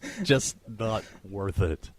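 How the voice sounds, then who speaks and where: Male podcast co-host, low and animated, giggly storyteller. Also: slow. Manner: laughs often, reads odd news stories aloud with mock outrage. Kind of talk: casual comedy chat.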